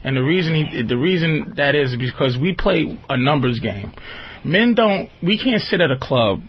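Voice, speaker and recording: A man's voice: on the high side, lively intonation, normal speed, breathy edge, dull audio. A man hosting a radio talk show, talking casually in a rambling, emphatic way and often checking that the listener follows. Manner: rambling, emphatic, often asks "you understand".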